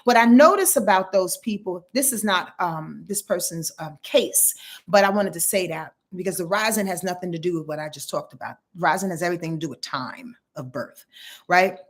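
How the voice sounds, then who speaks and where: A woman astrologer hosting a casual live stream, talking in an animated, emphatic way, often repeating words as she searches for them, and swearing in passing. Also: on the low side, normal speed. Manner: frank and salty, swears in passing.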